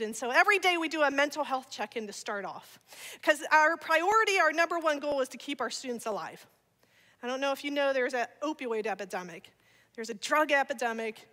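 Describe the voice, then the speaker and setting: A woman giving an energetic church talk, sharing personal testimony with laughter and playful asides. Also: sits high. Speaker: guest speaker. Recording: long church hall reverb.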